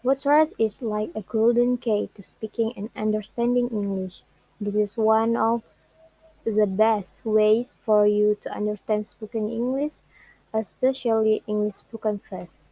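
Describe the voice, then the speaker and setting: In this classroom presentation, a young Indonesian-speaking student talks through English word stress in a careful, stop-and-start way, drawing out her examples. She speaks at a medium pitch with a steady, mellow tone, and the audio is poor, with no room sound.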